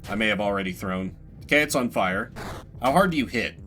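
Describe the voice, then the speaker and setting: An animated man narrating his own playthrough in a chatty, self-mocking way. His voice is bright and forward, and it swings widely in pitch. Faint game music plays underneath. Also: a little fast. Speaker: streamer playing a horror game. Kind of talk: let's play commentary.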